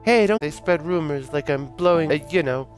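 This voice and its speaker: A man's voice: on the high side, moderate pace, faint music behind, voice pushed up, lightly acted. A man voicing a brash, streetwise woman who haggles over a taxi fare in a game read-through. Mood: hurried. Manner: pushy and wheedling.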